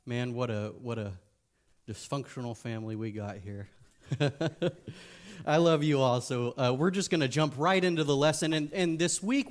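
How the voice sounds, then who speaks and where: A man giving a casual sermon as a youth pastor, joking and speaking frankly. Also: on the high side.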